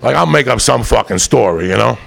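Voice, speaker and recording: A man telling a long, profane story in a loose monologue, animated and jumping into loud voices for the people he quotes. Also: mid-range voice, brisk. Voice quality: gravelly.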